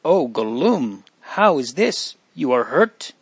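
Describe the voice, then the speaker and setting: A man's voice: medium pitch, moderate pace, dry recording, natural voice. A man reading the lines of an earnest, caring young woman in a storybook, asking worried questions. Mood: anxious. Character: anxious caring young woman, elder sister.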